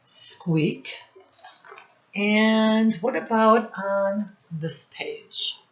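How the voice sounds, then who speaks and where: Slow sing-song woman reading to kids. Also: low voice, animated, reverberant, highs cut off. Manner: slow, sing-song teacherly, asks children questions and praises them. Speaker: storybook reader for children. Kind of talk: read-aloud storytime for young kids.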